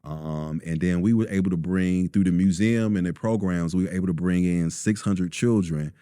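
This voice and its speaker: Man, low warm voice, relaxed storytelling guest. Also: normal speed, smooth, dry recording, clean studio sound. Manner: relaxed storyteller, many ums, acts out quotes. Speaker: store owner, guest. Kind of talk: casual interview talk.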